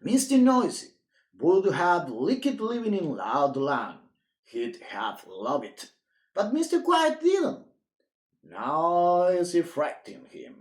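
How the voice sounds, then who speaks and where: Give me a man reading a bedtime story for kids, unhurried, with a lively, swooping voice. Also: sits high. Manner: playful, expressive. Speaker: storytime reader. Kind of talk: children's read-aloud.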